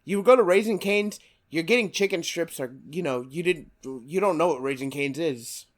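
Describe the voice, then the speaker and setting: A man's voice: on the high side, normal speed. A young man co-hosting a podcast in casual chat. He is enthusiastic, laughs easily and keeps calling his co-host "dude". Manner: enthusiastic, easy laugher, says "dude" a lot.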